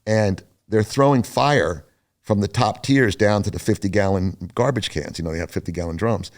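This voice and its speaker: An older man, a podcast guest, telling a story casually, animated and profane. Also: lowish voice, normal speed.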